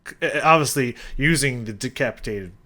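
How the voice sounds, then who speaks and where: A man's voice: mid-range voice, fairly quick, sharp tone. A man hosting a music reaction, talking loosely with lots of fillers and humming out rhythms as he explains them. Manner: rambling, filler-heavy, scats rhythms aloud. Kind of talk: casual music commentary.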